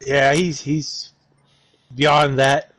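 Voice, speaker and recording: A man's voice: mid-range voice, level tone, very slow, fairly bright tone, low-quality recording. A man chatting on a gaming stream, rambling through long explanations over voice chat. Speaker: streaming guest.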